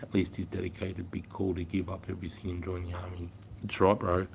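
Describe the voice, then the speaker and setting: A man's voice: deep voice, monotone, fast talker, creaky, a little mellow, a little hiss or hum. A man, chatting casually to viewers in a blunt, profane storytelling manner. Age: 50s. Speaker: livestreamer and former army instructor.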